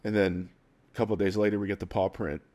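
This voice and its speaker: A man with a fairly low voice speaks haltingly as he tells a personal story. He is close to tears and his words keep breaking off and starting again. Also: little pitch movement. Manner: tearful, halting, with soft laughs. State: crying at times. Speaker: guest.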